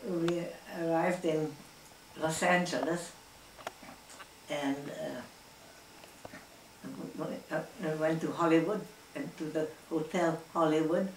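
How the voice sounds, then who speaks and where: An older woman telling her life story in an interview, reflective and unhurried, often laughing softly as she talks. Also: deep voice, steady tone, slight background noise, low-quality recording. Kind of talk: oral history recollection.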